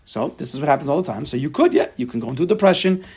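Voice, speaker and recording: A man's voice: a little high, very animated, racing, gravelly, a little mellow, husky. A man teaching a religious text class to students, emphatic, often acting out imagined inner voices. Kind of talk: Torah class lecture, explaining a text to students.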